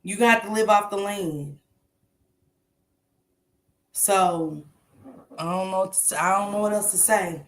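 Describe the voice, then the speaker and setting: A woman's voice: mid-range voice, unhurried, pauses often, roomy sound. A woman hosting a casual morning commentary show, talking bluntly and emphatically with plenty of swearing.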